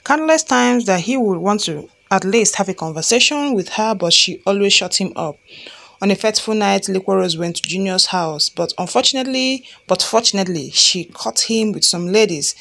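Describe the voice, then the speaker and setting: Woman reading a fan love story out loud, plain storyteller voice. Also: medium pitch, animated, moderate pace, gravelly.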